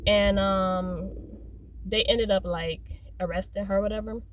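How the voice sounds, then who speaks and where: Woman, young adult, casual monologue, fillers, middle pitch. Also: fairly even intonation, unhurried, a little hiss or hum, low-quality recording. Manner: rambling, full of "like" and "um", self-censoring curses. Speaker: storyteller vlogger.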